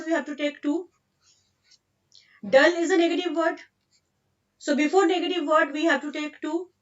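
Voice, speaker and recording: A woman's voice: high-pitched, far from the mic, muffled recording. A woman with an Indian English accent teaching an online grammar lesson, explaining patiently and repeating example sentences.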